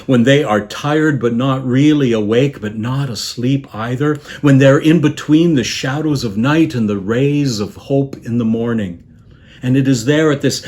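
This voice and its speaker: A man preaching a sermon as a guest minister, telling the story in a measured, reflective way and letting his voice drop softly on quoted words. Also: mid-range voice. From Canada.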